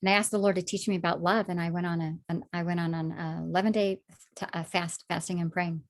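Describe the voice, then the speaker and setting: A woman sharing her personal faith testimony in conversation, animated when acting out past moments, soft and low when reflecting. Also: fast talker. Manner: animated storytelling, acts out her own past words.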